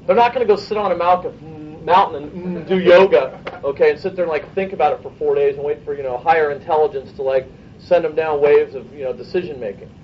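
In this clip, the high-voiced sales trainer again leads his team briskly, asking rhetorical questions. Distance from the mic leaves the audio muffled and dull, backed by faint humming room ambience and a touch of hiss or hum.

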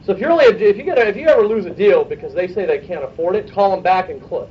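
A man with a high-pitched voice runs a sales training session for his team, coaching in a brisk way and asking rhetorical questions. He sits far from the mic, and the recording sounds dull and muffled. A faint room ambience hums behind him. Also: lively intonation, slight background noise.

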